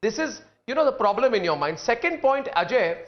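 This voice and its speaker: A man anchors a heated news debate in Indian English, his voice set fairly high for a man. He speaks forcefully and keeps repeating himself to take back the floor from the panelists. The broadcast audio sounds slightly dull. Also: very animated, fairly quick.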